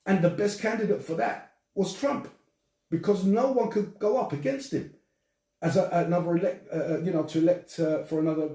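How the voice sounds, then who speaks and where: An older man hosting a casual podcast chat, animated and swearing as he rants. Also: high-pitched, a little fast. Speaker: podcast host. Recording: echoey room, distant from mic.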